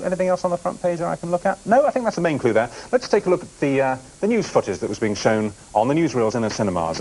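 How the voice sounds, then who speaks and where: A male game show host working a TV studio, reading out questions and ribbing the contestants with a jokey, teasing manner. His pitch swings up and down with lots of life, and a faint hiss sits under the recording. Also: low-quality recording. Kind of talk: TV quiz hosting.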